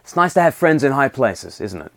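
An earnest male preacher delivers a devotional sermon in a voice of ordinary middle pitch. He is recorded close and dry, with no room sound, and he drops to a soft hush whenever he quotes a prayer. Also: very animated, brisk, creaky, dry recording.

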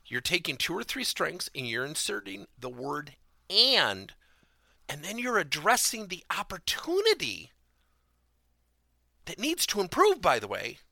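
A man's voice: sits high, wildly swooping pitch, unhurried, gravelly, long pauses, bright, forceful tone, no room sound, studio quality. A man giving a motivational business talk as a corporate coaching trainer, stressing key words emphatically and theatrically.

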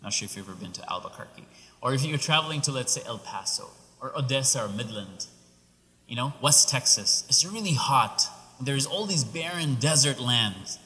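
A man preaching a sermon, telling a story with animated, rising exclamations. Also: medium pitch, normal speed. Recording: long reverb of a large hall.

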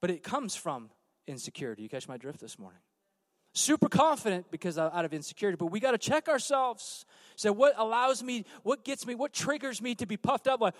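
A man preaching a sermon as pastor on a church stage, swinging from hushed, low passages to loud emphatic calls out to the congregation. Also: sing-song, brisk, no echo.

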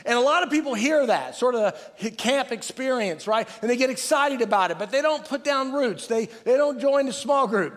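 A middle-aged man preaching a sermon as pastor, energetic, calling on the congregation to answer back and restarting phrases as he goes. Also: extremely high pitch. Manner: energetic, calls for crowd responses, restarts phrases. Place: large church hall. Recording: long reverb from a large church hall.

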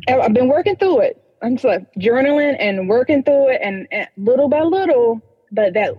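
A woman's voice: fairly high pitch, lively intonation, husky, no echo, big-room sound, highs cut off. A woman from North Carolina with a Southern accent, talking hesitantly about her life as a guest on a counseling show. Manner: hesitant, halting, with many pauses. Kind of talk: personal conversation.

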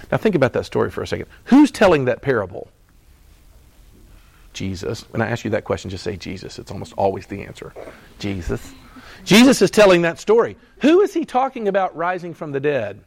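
Lively, animated male preacher. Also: mid-range voice, fast, creaky, no echo. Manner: animated, conversational, acts out quoted voices with laughs. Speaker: pastor. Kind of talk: sermon.

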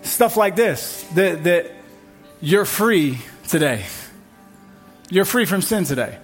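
High-voiced man preaching a sermon. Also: lively intonation, slow, soft background music. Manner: emphatic preaching with repeated refrains. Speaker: pastor. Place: church service.

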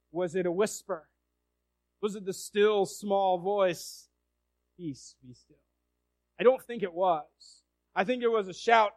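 A man preaching a sermon, dramatic, acting out a scene and swinging from loud to hushed. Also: high-pitched, no echo.

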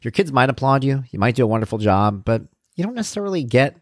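His mid-range voice swings widely in pitch and moves quickly as he hosts his show. The podcast host and parenting blogger rambles casually about parenting and his blog, conversational and self-deprecating, in a clean studio recording without echo.

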